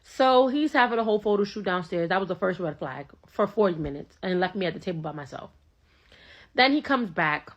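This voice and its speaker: A woman's voice: fairly low pitch, animated, brisk. A young woman casually telling a first-date story, full of fillers and quoted back-and-forth. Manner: chatty, filler-heavy retelling with quoted dialogue.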